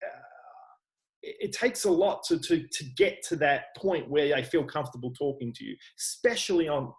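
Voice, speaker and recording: Earnest Australian man, slightly high voice. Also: lively intonation, moderate pace, low-quality recording. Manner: frank, earnest, full of restarts and repeats. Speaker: online personal trainer, guest. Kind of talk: casual interview talk.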